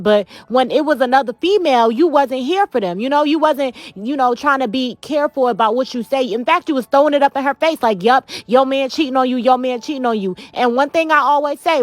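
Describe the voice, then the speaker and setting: A woman gives her opinions in a loose, talkative commentary style, blunt and full of casual fillers. Her voice sits a little high, and the sound is dry and close. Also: no echo. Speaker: commentary channel co-host.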